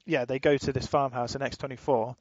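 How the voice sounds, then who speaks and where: Rambling man, flat delivery. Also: mid-range voice, fairly quick, no room sound, dull audio. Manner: rambling, swears freely, laughs while retelling. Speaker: podcast co-host. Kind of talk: casual chat.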